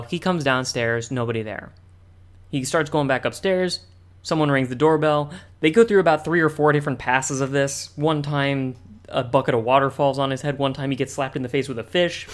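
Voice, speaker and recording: A man's voice: mid-range voice, moderate pace. Male co-host, casual chat, rambling delivery full of fillers. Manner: rambling, many "like" fillers and restarts. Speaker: podcast co-host. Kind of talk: casual chat analyzing a cartoon.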